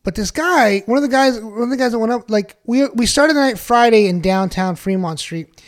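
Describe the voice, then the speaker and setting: A man's voice: very high voice, a little fast. A man telling a story in casual podcast chat, rambling with lots of fillers and swearing.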